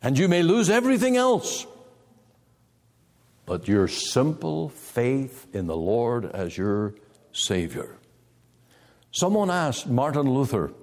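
A male preacher delivering a sermon with emphatic rises to loud peaks and slow, low drops, possibly. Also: huge pitch swings. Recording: long hall reverb.

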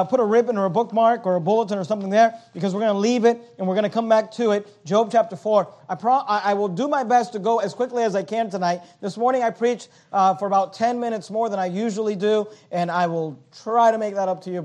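Male pastor, high voice, evening sermon, verse-by-verse teaching, restarts and fillers, louder on scripture quotes. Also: fast talker, few pauses. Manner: repeats words, frequent uh fillers.

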